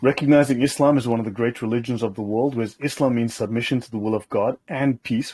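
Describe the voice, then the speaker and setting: A man's voice: mid-range voice, steady tone, fast talker, few pauses, darkish tone, slightly rough, dry recording. A man hosting, reading documents aloud and commenting on them in a casual, sardonic way, often checking in with his listeners. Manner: sardonic, keeps checking in with "okay?". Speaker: host.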